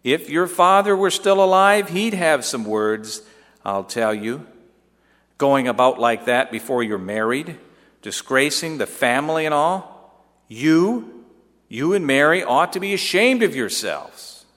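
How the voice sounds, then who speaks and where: A man's voice: fairly high pitch, lively intonation, a little slow, a bit bright, voice pushed up. A man doing a scolding indignant mother. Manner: scolding, rising, reproachful. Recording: long echoey hall reverb.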